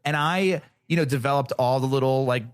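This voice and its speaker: A man's voice: mid-range voice, fairly quick, clean tone, dry recording. A podcast guest tells a story in a casual, sarcastic way, dropping profanity as he gets fired up. His voice sits in the middle range, and it's recorded dry and close with no room sound.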